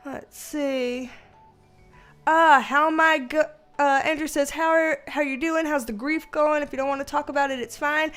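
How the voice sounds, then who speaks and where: A woman's voice: high-pitched, steady tone, normal speed, fairly bright tone, faint music behind. A woman hosting a casual livestream, greeting viewers by name and laughing often. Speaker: livestream host and tarot reader.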